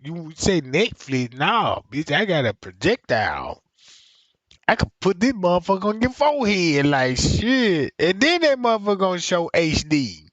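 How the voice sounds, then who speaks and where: A man doing casual reaction commentary on a stream, mocking and roasting with profane, loud jokes. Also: high voice, sing-song, moderate pace, dry recording, highs cut off.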